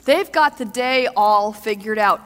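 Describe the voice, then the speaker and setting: A woman giving a seminar talk to a live audience, animated, asking the audience questions and acting out what people say. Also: medium pitch, measured pace. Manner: animated, asks the audience questions and acts out quotes. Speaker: seminar speaker. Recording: long hall reverb.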